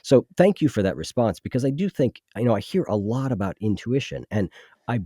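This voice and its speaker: A man's voice: medium pitch, sing-song, brisk, warm tone, no echo, clean studio sound. A man hosting a podcast interview, talking in a thoughtful, casual way with frequent restarts. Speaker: podcast host.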